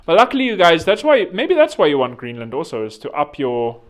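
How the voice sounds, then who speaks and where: Sarcastic South African man, slightly high voice. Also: huge pitch swings, fairly quick. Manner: sarcastic, mocking asides; digressive, self-correcting. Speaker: online commentator. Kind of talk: rambling monologue.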